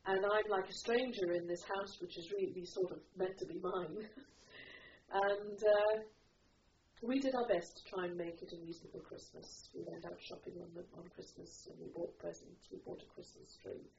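A woman's voice: mid-range voice, huge pitch swings, normal speed, darkish tone. A middle-aged woman telling a personal story, rambling, with many restarts and "you know"s. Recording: distant muffled recording with faint noise.

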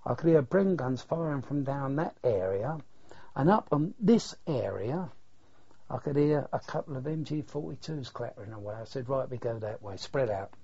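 On a dull lo-fi recording, an older man's creaky, mellow, breathy voice, medium in pitch with lively intonation and normal speed, is heard. As a war veteran giving an oral history interview, he recounts wartime memories plainly and earthily, with some mild swearing.

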